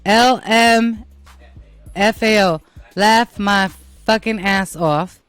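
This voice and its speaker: A woman's voice: mid-range voice, slow, a bit bright, clear, resonant tone, no echo, soft background music. An American woman hosting her own show, talking casually to listeners in a blunt, profane and self-mocking way. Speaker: podcast host.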